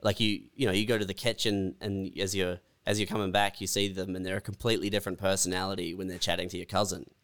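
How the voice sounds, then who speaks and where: A man co-hosting a casual comedy podcast, delivering dark absurd jokes in a deadpan way. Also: low voice, fast talker, hardly any pauses, smooth. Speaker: podcast co-host.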